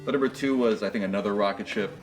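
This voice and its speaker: A man's voice: lowish voice, very fast, recorded from a distance, faint music behind. A young man co-hosting a charity livestream, chatting casually in a rambling, jokey way full of fillers. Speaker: charity stream co-host.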